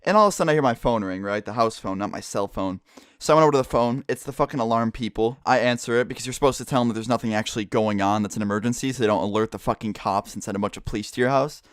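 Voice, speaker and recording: Young guy ranting thru a storytime vlog, talks super fast, swears a lot, dry close sound. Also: medium pitch, clear, resonant tone, no echo. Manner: animated, profane storytelling with acted-out quotes. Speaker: vlogger.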